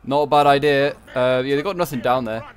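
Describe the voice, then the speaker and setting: Speaking a little fast in a steady, medium-pitched voice, this gameplay commentator loosely talks through a strategy game battle, fixing his own slips and throwing in jokes.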